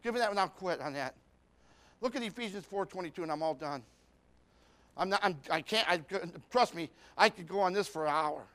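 A man's voice: sits high, fairly quick, a bit bright. A man preaching a sermon, telling a folksy story with lots of repetition and rhetorical questions.

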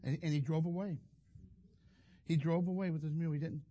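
A man's voice: on the high side, fairly even intonation, a little fast, dark tone. An older man, a pastor telling a rambling, folksy story in a sermon. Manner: rambling, folksy, self-interrupting.

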